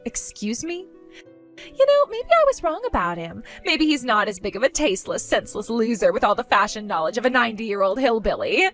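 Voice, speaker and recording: A woman's voice: a little high, very animated, brisk, fairly bright tone, soft background music. A woman voicing a spoiled, vain young woman who gloats, insults and giggles in a text-story skit. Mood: mocking.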